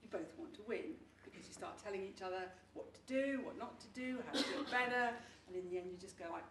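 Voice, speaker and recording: Middle-aged woman, chatty storyteller who laughs a lot, bright tone, distant mic, faint noise. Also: mid-range voice, fast talker, reverberant. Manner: chatty, laughing, restarts often. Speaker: testimonial speaker. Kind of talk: casual story-telling before an audience.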